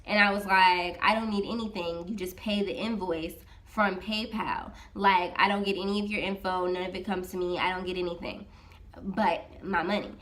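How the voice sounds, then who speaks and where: A woman's voice: on the low side, moderate pace. A woman who works as a freelance social media manager, casually recounting a story to her camera with lots of "I was like" asides and acted-out dialogue. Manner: animated, retells dialogue with many "I was like" asides.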